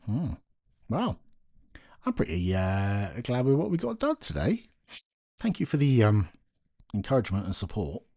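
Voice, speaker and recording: A deep, slightly husky man chats casually on a late-night live stream, half-muttering to himself as he works. He keeps his voice down at home, and the sound is close and dry. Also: huge pitch swings, moderate pace, long pauses, no echo. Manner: talks to himself while working, quiet and muttering.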